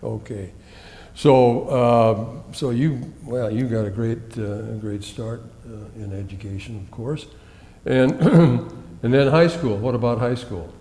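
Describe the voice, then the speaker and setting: Mellow-voiced chatty male interviewer. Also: medium pitch, slow. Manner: chatty, hesitant, many uh fillers. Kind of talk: oral history interview. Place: library room with long reverb. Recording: reverberant hall.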